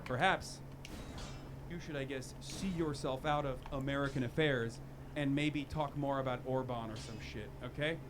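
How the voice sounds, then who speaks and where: A man's voice: medium pitch, steady tone, normal speed. A man in a heated political rant, angry, emphatic and profane. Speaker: political commentator. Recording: noisy clip played on stream.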